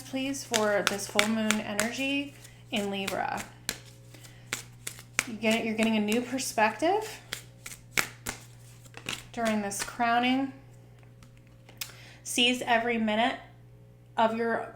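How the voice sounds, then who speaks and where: A chatty woman in her thirties or older gives a relaxed tarot reading, her speech full of "um", "like" and rhetorical "right?". Her voice sits a little high, and the room around her is roomy and echoey. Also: noisy background. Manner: chatty, filler-heavy, asks rhetorical "right?". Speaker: tarot reader and spiritual coach. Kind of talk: casual spoken tarot reading.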